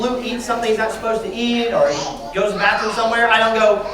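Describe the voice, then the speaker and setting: A fast-talking animal trainer works a crowd of kids, firing off questions and call-outs. The voice is picked up from well back in a big echoing hall, with a lively audience chattering all around. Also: mid-range voice. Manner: energetic, calls out to the crowd and asks questions. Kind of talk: lively live presentation to children. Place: large indoor hall with an audience. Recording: echoey hall, distant mic, noisy crowd.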